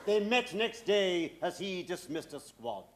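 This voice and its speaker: A man's voice: sits high, sing-song, a little slow, fairly bright tone, slight background noise, heavily acted. A man playing a flustered, earnest male poetry reciter on a theatre stage, pleading and theatrical. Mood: reciting. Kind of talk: dramatic recitation. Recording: live theatre with audience laughter.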